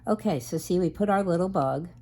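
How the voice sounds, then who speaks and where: Low, mellow-voiced woman crafting. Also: fairly quick. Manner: chatty and meandering, talks while working. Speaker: craft vlogger. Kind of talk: casual craft tutorial talk.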